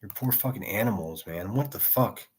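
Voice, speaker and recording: A man's voice: on the low side, lively intonation, normal speed, darkish tone. A man doing angry reaction commentary as a streamer, crude and mocking, swearing constantly.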